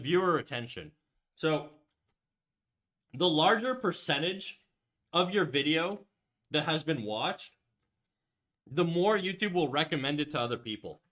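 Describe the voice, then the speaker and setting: A man's voice: on the high side, a bit bright. Rambling, swearing male livestreamer. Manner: rambling, lots of "like" and restarts, swears; reads out and answers viewer chat messages. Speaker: livestream host. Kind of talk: casual livestream chat while drawing.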